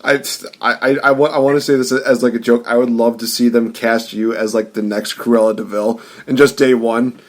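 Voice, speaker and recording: A man's voice: medium pitch, level tone, a little fast, hardly any pauses. A man hosting a podcast interview, friendly and often tripping over his words. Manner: friendly, stumbles and repeats words. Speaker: podcast host. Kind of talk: casual interview chat.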